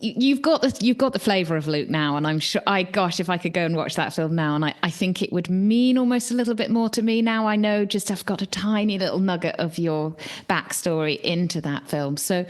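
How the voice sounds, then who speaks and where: A woman's voice: fairly low pitch, brisk. A woman hosting a podcast, chatting enthusiastically with plenty of fillers and exclamations. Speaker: podcast host. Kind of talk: casual chat.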